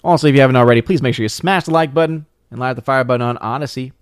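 A man hosting a casual livestream, talking his way through viewer comments in a rambling, self-interrupting manner. His voice sits at an ordinary middle pitch. The recording is dry and close, with little room sound. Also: rapid-fire, clean tone, no room sound. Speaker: livestream host reading chat.

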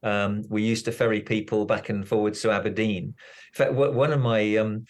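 An older man, a doctor, chatting as an interview guest, telling stories in a plain-spoken way with halting restarts. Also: lowish voice, steady tone. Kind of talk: casual interview chat.

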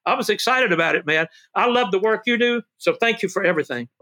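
Older man, excitable interview guest, high bright voice. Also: quick pace, faint music behind. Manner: excitable, shouts "woo", calls people baby and brother. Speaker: guest, former wrestling manager. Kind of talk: animated storytelling interview.

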